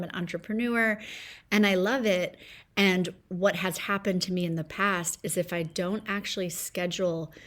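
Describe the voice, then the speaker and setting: Upbeat woman podcast host, low-pitched. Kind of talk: solo podcast talk. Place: home.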